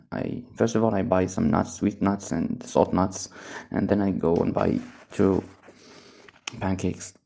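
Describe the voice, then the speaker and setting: Rambling stoned man, low gravelly voice. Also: mellow. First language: Arabic. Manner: rambling, drifting, chuckling. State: high on cannabis. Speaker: English teacher. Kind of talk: casual recorded monologue.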